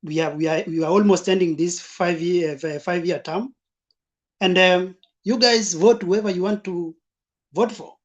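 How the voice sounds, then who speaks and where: A man arguing his point loudly on a talk show, firing off rhetorical questions. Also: high-pitched, fairly even intonation, normal speed. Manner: loud, insistent, rhetorical questioning. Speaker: caller. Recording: dull lo-fi sound.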